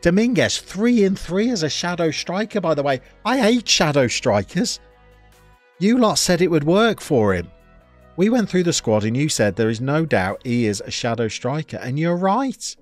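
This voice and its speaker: A man live-streaming a football management game, chatting to viewers and reacting loudly to the play. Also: fairly high pitch, very animated, normal speed, soft background music.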